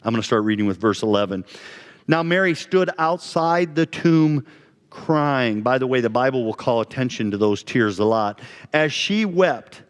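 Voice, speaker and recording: A man's voice: mid-range voice, animated, normal speed, clear, resonant tone. A male pastor preaching a sermon in a conversational way, asking his congregation questions. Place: church sanctuary. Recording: long church reverb.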